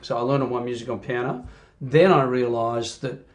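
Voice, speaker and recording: A middle-aged Australian man, a rock singer, chatting in an interview as an animated storyteller who fills his talk with "you know". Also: medium pitch, moderate pace. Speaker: singer and band frontman. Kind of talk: casual interview chat.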